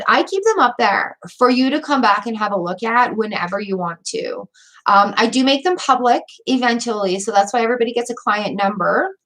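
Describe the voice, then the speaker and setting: A woman's voice: medium pitch, fairly bright tone. A woman doing a live tarot reading, gushing and teary as she talks straight to her viewers over a webcam mic at home. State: teary, weepy. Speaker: tarot reader hosting a livestream.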